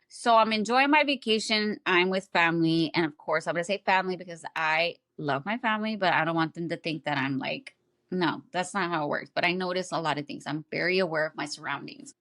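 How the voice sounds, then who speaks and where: A woman hosting a podcast, telling stories and giving blunt advice in a casual, animated and profane way, speaking straight to her listeners. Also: lowish voice, no room sound, studio quality. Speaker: podcast host. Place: at home, wrapped in a blanket.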